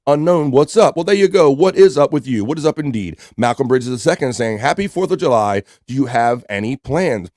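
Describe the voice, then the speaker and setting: A man hosts a relaxed live stream, reading chat messages aloud and greeting viewers one by one. His voice sits at an ordinary middle pitch, recorded close and dry with no room sound. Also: fairly quick, few pauses, no echo. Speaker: live show host.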